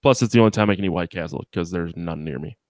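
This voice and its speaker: A man's voice: low voice, quick pace, darkish tone, dry recording, studio quality. A man with a Wisconsin accent, a podcast host telling rambling, profane stories in casual chat.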